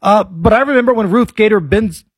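Blunt, husky-voiced talk host. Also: male voice, high-pitched, fairly quick, dry recording. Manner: blunt, conversational. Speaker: political talk show host. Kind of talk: opinionated commentary.

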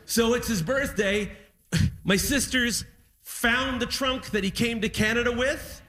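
High bright-voiced stand-up comedian man. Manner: animated, self-deprecating, quick asides. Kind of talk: stand-up storytelling.

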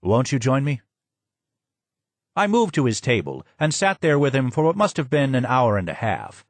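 A man narrating a memoir audiobook in an expressive reading with strong emphasis. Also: medium pitch, a little fast, no echo.

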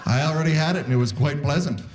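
A man in his forties doing a self-deprecating stand-up set before a live crowd. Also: fairly high pitch. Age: 40s. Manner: self-deprecating, acts out quick voices of others. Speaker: stand-up comedian. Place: live comedy theatre stage. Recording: live stage recording with crowd. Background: audience laughter.

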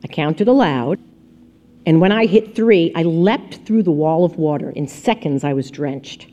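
A woman reads a first-person novel aloud in a soft, intimate storytelling manner. Her voice sits a little low and sounds mellow and warm. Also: lively intonation, unhurried, lo-fi sound. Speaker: audiobook narrator. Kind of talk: scripted first-person narration.

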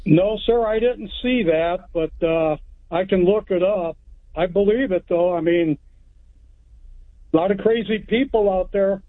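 A man's voice: high-pitched, a little slow. A man from Texas calling in to a radio show, telling a long story in a rambling, plainspoken way. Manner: rambling, plainspoken, retells events step by step. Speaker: caller. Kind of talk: phone-in storytelling. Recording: tinny phone line.

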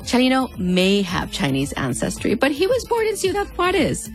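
Hosting scripted pop-culture commentary, this thirtysomething woman speaks with a fronterizo, Mexican American border accent. Her wry, chatty delivery features wildly swooping, playful pitch at a moderate pace, with faint music behind her.

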